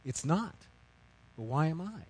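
A middle-aged man preaching a sermon, telling a story with big swings from loud outbursts to hushed, quiet lines. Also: a little high, very animated, unhurried, husky, rough recording. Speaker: pastor.

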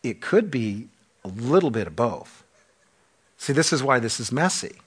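A pastor preaches passionately to his congregation, asking rhetorical questions and swinging between loud emphasis and hushed drops. His mid-range voice is slightly rough, with big pitch swings and a moderate pace.

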